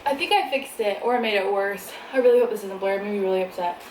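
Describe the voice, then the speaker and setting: A woman's voice: mid-range voice, fast. A young woman chatting casually in a mukbang vlog, laughing often and talking between bites at home. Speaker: vlogger. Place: home, indoors. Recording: echoey room, faint background noise.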